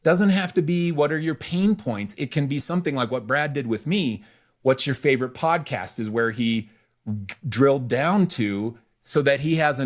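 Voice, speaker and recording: A man co-hosting a podcast, giving casual business advice, informal and lively, acting out bits of small talk. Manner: animated, acts out quoted small talk with pitch jumps; informal, says "freaking", repeats phrases. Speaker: podcast co-host.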